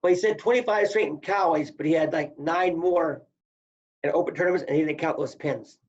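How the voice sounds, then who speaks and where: In dull lo-fi audio, an ex-wrestler on a podcast shares casual wrestling stories, bringing the quotes to life with animated acting. His voice runs a little high and a little fast.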